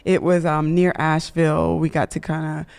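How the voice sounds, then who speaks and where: A woman co-hosting a casual marriage podcast, chatty and quick to laugh, saying "y'all.". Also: low-pitched, flat delivery, a little mellow, clear, resonant tone. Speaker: podcast co-host.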